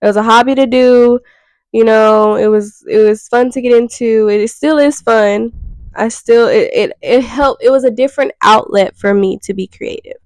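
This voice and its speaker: A young woman talks straight to the camera in a frank, rambling self-reflective monologue. Her voice has a gravelly edge, and it sounds dry and close with no room around it. She swears casually as she thinks out loud. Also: on the high side, normal speed, no echo, rough recording. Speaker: vlogger.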